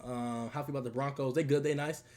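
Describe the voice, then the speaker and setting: A man's voice: medium pitch, steady tone, fast talker, darkish tone. A young man streaming casually, talking sports in heavy slang and laughing often. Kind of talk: casual livestream commentary.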